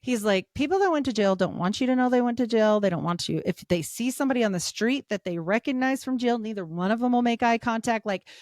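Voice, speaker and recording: Animated woman spinning funny stories. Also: quick pace, few pauses, no room sound, studio quality. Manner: animated storyteller, acts out quotes in a higher voice; laughs often, swears casually. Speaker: podcast guest. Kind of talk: casual podcast chat.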